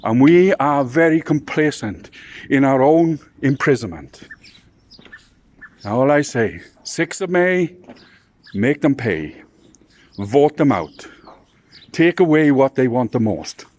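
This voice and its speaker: A man's voice: medium pitch, expressive, slow pace, long pauses, a little mellow. A man speaking to camera, making an indignant, impassioned political appeal. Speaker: political campaigner.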